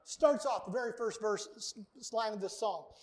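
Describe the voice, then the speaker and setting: High-voiced preacher, emphatic and earnest. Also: male voice, normal speed. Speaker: pastor. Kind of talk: sermon. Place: church sanctuary.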